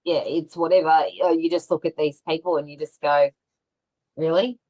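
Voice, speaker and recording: A woman's voice: sits low, flat delivery, fairly quick, warm tone, low-quality recording. A woman talking as a guest in casual conversation over a video call, rambling with many fillers and restarts.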